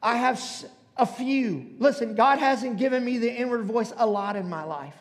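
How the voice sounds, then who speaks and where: A man's voice: very high-pitched, normal speed. A man in his forties preaching a sermon to a congregation, emphatic and calling out to them. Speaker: pastor. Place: church auditorium. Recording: long hall reverb.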